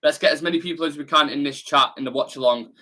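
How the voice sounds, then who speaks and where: Reading viewer comments during a football watch-along, a young man talks bluntly and uses plenty of slang. His fairly high voice is quick and sharp-toned, carrying the Salford, Manchester accent of his hometown of Salford, England, where he runs a football fan channel.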